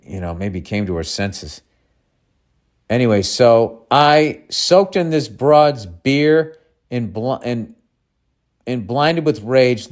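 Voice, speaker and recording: A man hosting a podcast, reading a listener's letter aloud and breaking in with profane, sarcastic asides. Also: mid-range voice. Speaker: podcast host.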